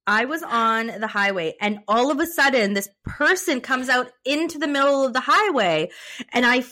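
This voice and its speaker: A woman in her thirties, a podcast co-host from Canada, chatting casually, blunt and animated, swearing freely as she tells stories. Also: high-pitched, normal speed. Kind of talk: casual chat.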